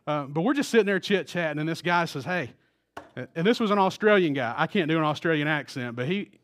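A man's voice: a little high, lively intonation, fast talker, a bit bright. A middle-aged man preaching a sermon in a casual storytelling way, with restarts. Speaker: pastor.

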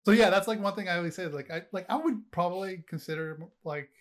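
A middle-aged man chatting on a podcast, his voice sitting a bit high. He rambles along, stacking fillers as he goes. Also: fast talker. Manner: rambling, heavy on fillers, laughs often. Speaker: podcast co-host. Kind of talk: casual chat.

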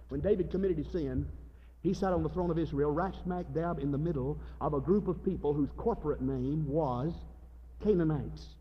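A man preaching a sermon in a large church, folksy and direct with his listeners. His voice sits high and sounds husky. It swings from loud exclaiming to hushed tones, caught on a dull recording with long hall reverb. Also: normal speed. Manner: folksy, uses illustrations and direct address.

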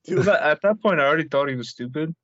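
A man's voice: fairly high pitch, expressive, fast, fairly bright tone, dry recording. A young man co-hosting a podcast in casual, slangy banter, acting out what others said. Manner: laid-back slangy banter, acts out quotes. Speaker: podcast co-host. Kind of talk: casual chat. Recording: dull lo-fi dry recording.

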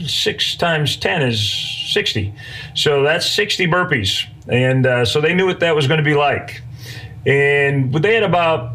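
A man's voice: a little high, fairly bright tone. Middle-aged male podcast host, folksy conversational storyteller with plenty of ums and uhs. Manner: folksy, conversational, many fillers.

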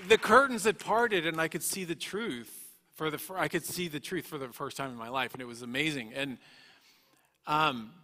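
Earnest male storyteller with a bright, slightly high voice, recorded in an echoey hall. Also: moderate pace, some chatter behind. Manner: earnest, emotional storytelling with many restarts. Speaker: guest speaker. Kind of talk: personal testimony.

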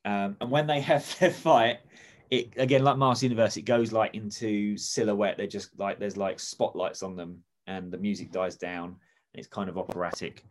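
A man's voice: on the low side, fairly even intonation, moderate pace, a little hiss or hum. A man chatting casually, rambling enthusiastically with many restarts. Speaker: podcast co-host. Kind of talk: casual comedic chat.

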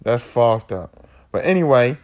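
A man's voice: medium pitch, lively intonation, measured pace. A man hosting a podcast, recapping a horror film in a casual, profane monologue and acting out the characters' lines. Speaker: podcast host.

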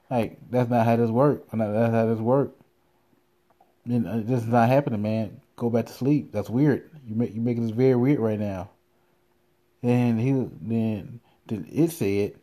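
Crude rambling man, mellow voice. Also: mid-range voice, a little slow. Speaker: podcast host. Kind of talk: casual profane storytelling.

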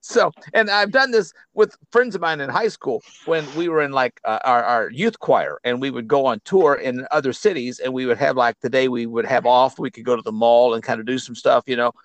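A man's voice: mid-range voice, brisk, few pauses, fairly bright tone, no room sound. A middle-aged man from Arkansas, co-hosting a radio show, telling a story in a chatty, casual way. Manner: chatty storyteller, slips into put-on British voices. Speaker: radio co-host. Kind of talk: casual chat.

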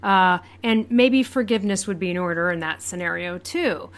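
A woman's voice: lowish voice, normal speed. A woman co-hosting a podcast, chatting casually in a frank, blunt way with lots of rhetorical questions. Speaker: podcast co-host. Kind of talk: casual chat.

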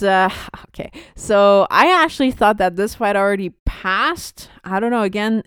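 A woman's voice: mid-range voice, clean tone, dry recording, studio quality. Chatty young woman hosting a podcast. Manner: rambling, laughing often, many fillers. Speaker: podcast host. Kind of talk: casual chat.

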